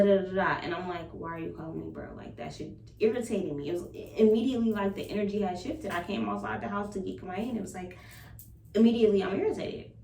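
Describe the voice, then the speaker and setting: A young adult woman talking candidly in a personal vlog, frank and expressive and swearing freely. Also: mid-range voice, a little hiss or hum. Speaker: vlogger and spiritual practitioner. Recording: roomy sound from a distant mic with faint ambience.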